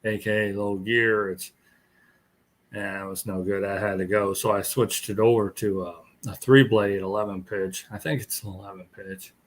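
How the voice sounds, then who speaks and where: A man's voice: fairly low pitch, flat delivery, normal speed, a little hiss or hum. A tired man hosting a casual live stream chat, rambling and chuckling as he greets viewers. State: tired, yawning.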